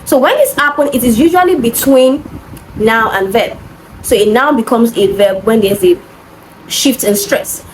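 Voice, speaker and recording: A woman's voice: a little high, rough recording. A woman, working through exam questions as a tutor, patient and methodical, checking in with "okay?" as she goes. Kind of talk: explaining exam answers. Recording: faint background noise.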